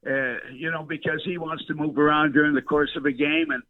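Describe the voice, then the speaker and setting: A man's voice: on the high side, steady tone, a little fast, no echo. Older man on a tinny phone line. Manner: storyteller, many fillers and restarts. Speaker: veteran broadcaster guest. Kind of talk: rambling reminiscing interview.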